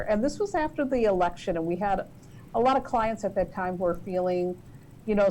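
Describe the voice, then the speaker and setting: A woman, a guest author on a podcast, answering questions in a warm, conversational way, often using "you know.". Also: mid-range voice, slight background noise, low-quality recording. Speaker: guest author and tarot reader.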